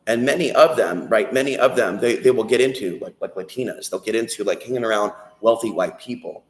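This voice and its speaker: Intense ranting low-voiced man. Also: fairly quick. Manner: intense, ranting, swears freely. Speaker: channel host. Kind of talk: rambling spiritual monologue and prayer. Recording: echoey.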